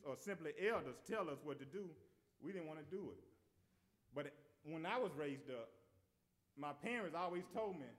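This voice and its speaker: Brief: male preacher with a high voice, earnest sermon delivery, repeats himself. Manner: earnest, repeats and restarts words.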